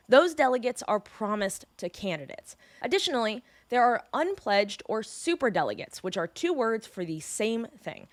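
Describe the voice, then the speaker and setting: A woman's voice: on the high side, dry recording. A young woman from California hosting a daily news podcast, explaining the news in a chatty, joking way. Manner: chatty and joking, lively asides.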